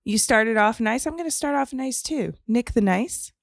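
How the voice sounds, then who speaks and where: A woman's voice: on the high side, expressive, normal speed, vocal fry, no echo, studio quality. A woman co-hosting a podcast, chatting casually in an upbeat way and laughing often. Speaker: podcast co-host. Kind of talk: casual chat.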